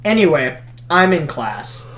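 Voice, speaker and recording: A man's voice: on the high side, sing-song, a little slow, a bit bright, slight background noise. A young man co-hosting a podcast, teasing his friend and jumping in with jokes. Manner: teasing, jumps in with jokes and interruptions. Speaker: podcast co-host. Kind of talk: casual chat.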